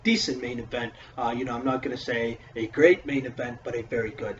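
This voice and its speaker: Male wrestling reviewer, swears freely, excitable and rambling; echoey room, set back from a dull mic. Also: medium pitch, fairly quick, far from the mic, a little hiss or hum. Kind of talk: casual solo review.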